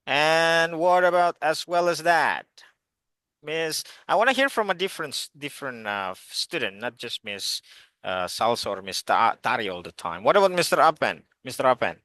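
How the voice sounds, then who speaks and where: A man leads an online English class and cheerfully quizzes students one by one. His voice is bright and lively, with lots of rise and fall. The sound is close and dry. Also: on the high side, moderate pace, no room sound. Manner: encouraging, quizzes students by name. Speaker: English teacher.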